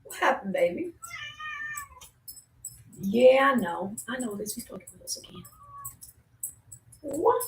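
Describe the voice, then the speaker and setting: A woman streamer rambles through a profane, erratic monologue, dropping to whispers one moment and shouting the next. Her voice sits a little high and swoops widely in pitch. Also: big pitch swings, unhurried, pauses often, noisy background. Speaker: livestreamer.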